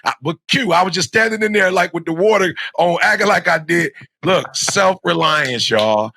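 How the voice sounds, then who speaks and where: A middle-aged man preaching motivation to kids, his voice pitched a little high with a gravelly, fry-laden edge. The tone is bright and forceful, and every point gets hammered home through repetition. He sounds close and dry, with no room around him. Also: moderate pace, no room sound. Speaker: motivational speaker. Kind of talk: motivational talk to young students.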